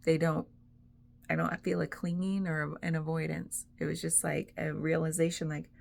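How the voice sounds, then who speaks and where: A woman's voice: deep voice, level tone, normal speed, vocal fry, darkish tone, slight background noise. A woman vlogger talking in a casual, rambling way, full of "like"s and easy laughs. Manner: rambling, chatty, laughs often, many "like"s. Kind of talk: casual reflective monologue.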